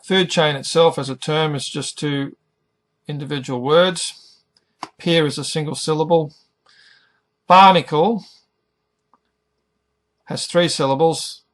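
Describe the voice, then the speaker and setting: Middle-aged guy teaching english, slightly high voice, super slow careful pronunciation. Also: steady tone. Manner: careful, over-articulated pronunciation. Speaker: ESL teacher. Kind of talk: slow, deliberate English lesson narration.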